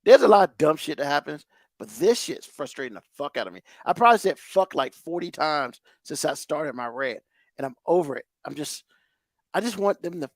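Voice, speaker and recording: A man's voice: fairly high pitch, very animated, fairly quick, dry recording, studio quality. A man hosting a podcast, ranting in heated, profane exasperation. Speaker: podcast host.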